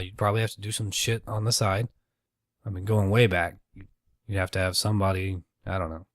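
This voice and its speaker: A man's voice: fairly low pitch, no echo, clean studio sound. A man hosting a casual solo podcast, rambling and swearing freely with self-deprecating asides. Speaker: podcast host.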